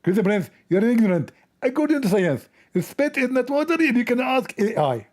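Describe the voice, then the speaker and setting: A man's voice: extremely high pitch, big pitch swings, moderate pace, a little mellow, voice pushed up. A man doing a mocking impression of a pompous middle-aged male preacher who stammers and repeats himself. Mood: mock lecturing. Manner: mock-solemn, repeats himself. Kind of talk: parody impression.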